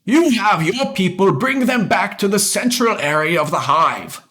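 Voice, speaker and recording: A young man reading an AI-written story aloud, amused and animated. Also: high voice, measured pace. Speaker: reader.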